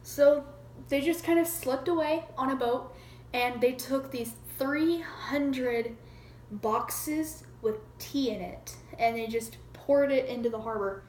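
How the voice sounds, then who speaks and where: A woman's voice: high voice, slow pace, a little mellow, reverberant, slight background noise, low-quality recording. A woman casually retelling a history lesson in a chatty, irreverent way, acting out quotes and swearing now and then. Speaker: amateur history explainer.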